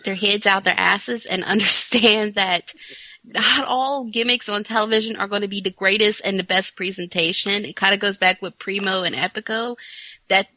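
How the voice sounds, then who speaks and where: Bright-voiced woman co-hosting casually. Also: mid-range voice, fairly even intonation, moderate pace, dry recording. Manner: enthusiastic, blunt, laughs often. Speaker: returning co-host. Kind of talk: casual wrestling podcast chat. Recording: dull lo-fi sound.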